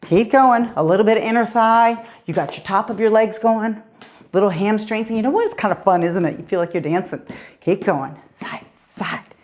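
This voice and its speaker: A woman's voice: medium pitch, brisk, a little mellow. A middle-aged woman coaching a cardio workout with an upbeat, encouraging voice. She sounds a little out of breath as she keeps moving and cheers the listener on. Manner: upbeat, encouraging, counting down reps. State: slightly out of breath. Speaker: fitness coach. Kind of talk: guided workout instruction.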